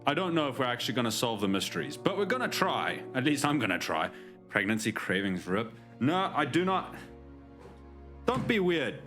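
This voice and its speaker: Lively man chatting on a stream. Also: mid-range voice, moderate pace, faint music behind. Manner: chatty, joking with chat, lots of restarts. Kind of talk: casual live-stream chat.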